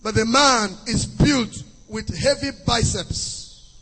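High-voiced preacher, husky. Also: male voice, takes it slowly, sharp tone. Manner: emphatic, sing-song preaching with repetitions. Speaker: pastor. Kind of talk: sermon. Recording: long hall reverb with faint music.

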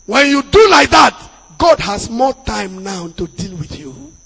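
High-voiced Nigerian pastor preaching. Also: male voice, big pitch swings, a little slow, gravelly, breathy edge. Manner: preaching with bursts of loud emphasis, Pidgin asides. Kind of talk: sermon. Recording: long hall reverb.

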